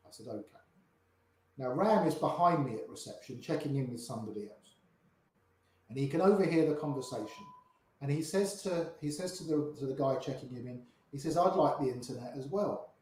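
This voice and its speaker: In a brisk, mid-range voice with a darkish tone and lively intonation, a grey-haired older poker player spins anecdotes for a storytelling interview. He voices the people he quotes; the room is echoey and there's slight background noise.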